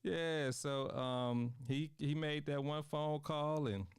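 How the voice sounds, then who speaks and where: A man hosting a casual talk show interview, playful and animated, laughing often and talking straight to his viewers. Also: fairly high pitch, slow pace, smooth, no echo.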